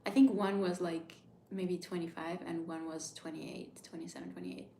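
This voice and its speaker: A woman in her thirties chatting casually on a livestream, reading comments and swearing freely, with hushed asides. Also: lowish voice, fairly even intonation, moderate pace. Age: 30s. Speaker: livestream host. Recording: echoey room sound.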